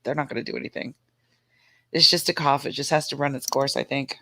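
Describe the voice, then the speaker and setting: A woman who is hoarse from a cold, co-hosting a casual livestream and greeting viewers by name. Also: a bass voice, steady tone, fairly quick, pushed and bright, no room sound. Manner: greets viewers by name one after another. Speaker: livestream co-host.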